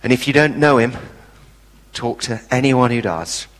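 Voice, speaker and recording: Impassioned preacher in a hall. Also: male voice, medium pitch, measured pace, fairly bright tone. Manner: impassioned, emphatic, blunt colloquial turns. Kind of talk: sermon. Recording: reverberant hall.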